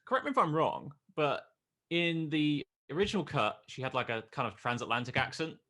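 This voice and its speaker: A man's voice: fairly high pitch, expressive, fairly quick, sharp tone. A man on a film podcast panel, making dry, wry remarks in casual chat.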